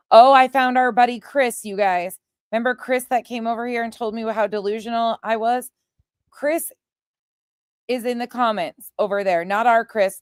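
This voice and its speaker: A woman's voice: medium pitch, clear, resonant tone, dry recording, studio quality. A woman host doing heated commentary on clips, talking straight to her viewers and swearing as she reacts.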